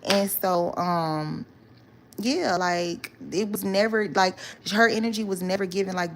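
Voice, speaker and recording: A woman's voice: mid-range voice, unhurried, slight background noise. A young woman telling a story to her viewers in casual chat, chatty and loose with slang, fillers and "right?" asides. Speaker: storytime vlogger.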